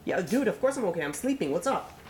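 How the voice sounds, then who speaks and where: A man's voice: high-pitched, very animated, fast talker, slight background noise, voice pushed up. A man acting out a distraught young man in a story, his voice rising and strained, in an echoey room. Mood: irritated.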